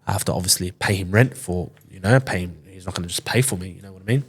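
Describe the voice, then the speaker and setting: Deep-voiced man in his twenties. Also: fast talker, husky. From Sydney, Australia. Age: 20s. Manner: loose, swears often, acts out quoted dialogue. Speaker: podcast guest, boxer. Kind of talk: casual storytelling interview.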